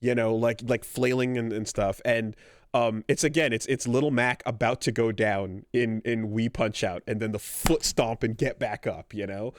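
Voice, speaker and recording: A man's voice: medium pitch, fairly even intonation, normal speed, no echo. Middle-aged guy rambling on a podcast, lots of ums and restarts, dead dry sound. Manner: rambling, many fillers and restarts. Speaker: podcast co-host. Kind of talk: casual chat.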